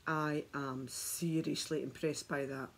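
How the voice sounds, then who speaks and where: Husky low-voiced woman chatting to camera. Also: level tone, a little slow. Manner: chatty, enthusiastic, talks straight to viewers. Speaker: beauty vlogger. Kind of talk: chatty product demonstration.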